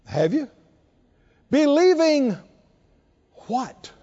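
A man preaching with a high, very lively voice that leaps up and falls away as he stresses single words. His tone is mellow and dark, and he takes his time. The sound is dull and lo-fi, with a long hall reverb behind him. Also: slow, long pauses. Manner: emphatic, repeats and stresses words, rises and drops sharply. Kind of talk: sermon.

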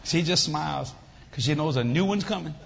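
An older man preaches with a high, animated voice that swings between playful asides and acted-out voices. His sermon carries long reverb from a large hall, with a slightly muffled, dull tone and faint room noise behind. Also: brisk, creaky. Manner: animated storytelling, acts out voices, jokes with congregation. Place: church hall with audience.

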